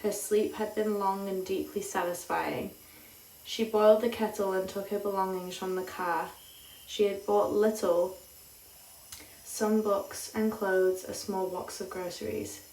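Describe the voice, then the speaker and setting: A woman narrating literary fiction at an unhurried pace, calm and measured, at a middle pitch. The room sound is roomy, as if the mic sits some distance away. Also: a little hiss or hum. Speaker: audiobook reader.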